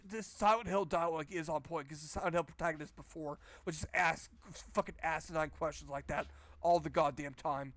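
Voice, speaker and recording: A man's voice: fairly high pitch, steady tone, a little fast, a bit bright. Sarcastic, cursing gaming man. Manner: sarcastic, profane. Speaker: game streamer. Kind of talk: let's play commentary.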